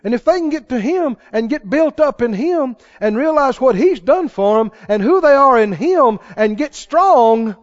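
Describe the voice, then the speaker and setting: A man's voice: extremely high pitch, animated, normal speed, few pauses. A man preaching a sermon, telling stories in a folksy way and building to emphatic exhortation. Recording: dull lo-fi sermon recording.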